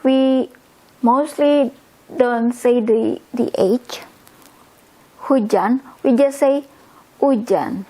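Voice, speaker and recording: Woman tutor, very unhurried, repeats words patiently for learners. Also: high voice, fairly even intonation, warm tone. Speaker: language teacher. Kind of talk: slow explanatory language lesson.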